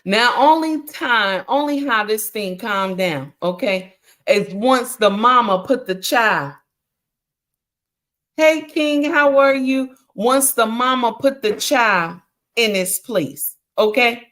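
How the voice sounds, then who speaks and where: Expressive and a little high-pitched, this middle-aged woman talks slowly with a slightly bright tone. She hosts a livestream where she gives preachy relationship advice, repeating herself emphatically and calling listeners "honey" and "mama."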